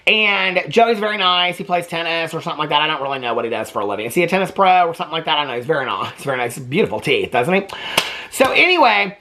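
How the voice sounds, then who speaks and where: Gossipy man dishing on reality TV. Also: a little high. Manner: gossipy and animated, peppered with "okay?" and "like". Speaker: TV reaction vlogger. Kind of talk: chatty gossip about a reality show.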